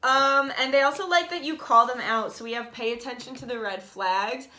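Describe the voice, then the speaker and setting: Bright, chatty young woman reading tarot. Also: on the high side, moderate pace. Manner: chatty and animated, swearing freely. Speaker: tarot reader. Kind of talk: casual tarot reading monologue.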